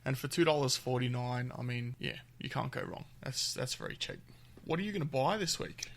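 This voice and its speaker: A man's voice: medium pitch, brisk, vocal fry, fairly bright tone. A man co-hosting a gaming podcast, chatting in an easygoing way and chuckling often. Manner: easygoing, chuckles often, trails off mid-thought. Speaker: podcast co-host. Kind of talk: casual chat.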